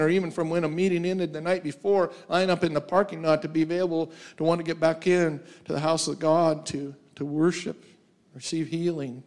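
A man preaching as a guest speaker, telling personal stories with frequent laughs. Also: a little high. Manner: storytelling, laughs often, acts out quoted voices. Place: church sanctuary.

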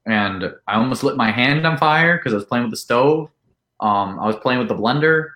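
A man telling a long, animated party story in casual chat, with lots of "like" and acted-out quotes. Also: mid-range voice, moderate pace, reverberant. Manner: animated, full of "like", acts out quotes. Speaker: podcast guest.

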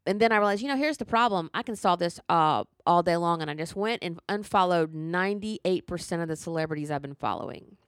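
A woman's voice: fairly low pitch, fast, few pauses, dry recording, studio quality. A middle-aged woman ranting in casual chat, profane and emphatic.

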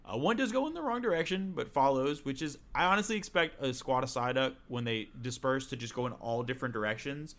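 A man's voice: mid-range voice, a little fast, hardly any pauses, a bit bright. A man co-hosting a casual chat, recapping a video game with sarcastic jokes and frequent laughs. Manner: joking, sarcastic, laughs often. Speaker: podcast co-host.

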